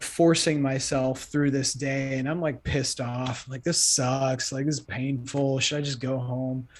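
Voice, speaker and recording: Young man telling a lively story. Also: mid-range voice. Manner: animated, lots of "like". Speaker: podcast guest. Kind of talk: casual storytelling.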